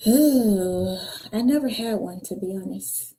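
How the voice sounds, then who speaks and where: Woman guest with a mellow dark voice, talks casual, acts out everybody in her stories. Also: medium pitch, unhurried, a little hiss or hum. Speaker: podcast host and guest. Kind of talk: candid storytelling interview.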